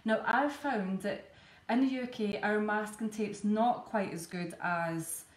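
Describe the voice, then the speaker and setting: A woman's voice: mid-range voice, unhurried. Chatty Scottish woman demonstrating cake stencils. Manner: chatty, explains step by step. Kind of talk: live tutorial demonstration. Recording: echoey room, faint background ambience.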